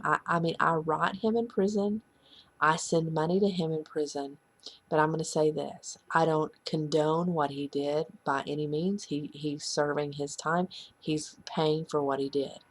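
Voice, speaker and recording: A woman earnestly sharing a painful personal story in a halting, confessional way. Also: low-pitched, vocal fry. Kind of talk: heartfelt personal testimony.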